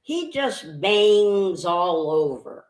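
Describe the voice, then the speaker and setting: A woman's voice: fairly low pitch, sing-song. An older woman chiming in on a livestream with chatty quips. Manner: chatty interjections, quick quips. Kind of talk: casual chat. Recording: echoey room.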